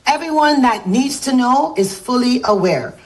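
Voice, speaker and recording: A woman's voice: high voice, expressive, normal speed. A woman answering a TV interviewer's questions defensively, with stumbling restarts.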